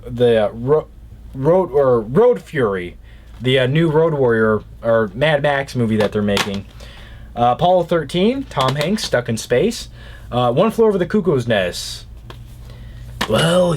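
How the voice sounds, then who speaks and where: A man's voice: mid-range voice, a little hiss or hum. A young man casually reviewing movies in a rambling way, with jokey asides.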